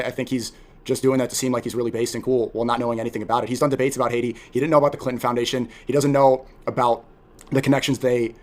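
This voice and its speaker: A young man in casual chat as a content creator, talking emphatically and animatedly, often repeating words. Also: medium pitch. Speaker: podcast guest, content creator.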